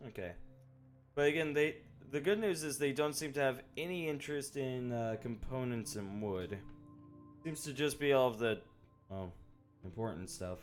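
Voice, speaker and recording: A man streaming live gameplay, chatting loosely and thinking out loud, with some swearing. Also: mid-range voice. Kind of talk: casual live gameplay commentary.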